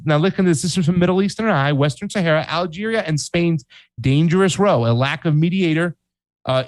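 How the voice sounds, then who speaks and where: Brief: male commentary host, higher pitch, dry close mic, slangy and animated over news clippings. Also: no echo, rough recording. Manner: animated, reads headlines aloud, says "fam", voices countries in mock quotes. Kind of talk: casual political commentary.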